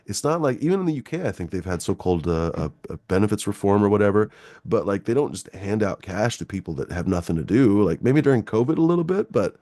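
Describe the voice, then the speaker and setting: Middle-aged male call-in host, low voice, dry close sound, swearing, rambling, sarcastic. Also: lively intonation, fast, mellow, no echo. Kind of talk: casual political rant.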